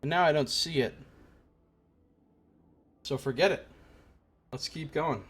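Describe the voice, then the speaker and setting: A man's voice: a little high, slow, slightly rough. A man streaming a game from his apartment, giving sarcastic, profane commentary as he riffs aloud. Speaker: let's play streamer.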